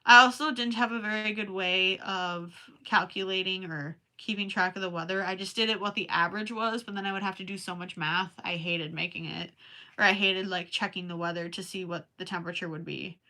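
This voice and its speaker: Tired young minnesota girl chatting w viewers on a crochet stream, bright voice, rambly. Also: mid-range voice, steady tone, a little fast. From Minnesota, USA. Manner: rambling, chatty, talks to viewers while working. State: tired, late at night. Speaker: crochet livestreamer. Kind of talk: casual chat while crafting.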